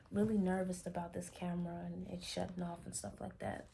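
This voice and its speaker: A woman's voice: lowish voice, level tone, fast talker, gravelly, background noise. Candid young Chicago woman vlogging. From Chicago, Illinois. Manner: rambling, self-correcting, candid. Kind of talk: casual unscripted vlog. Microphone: phone camera.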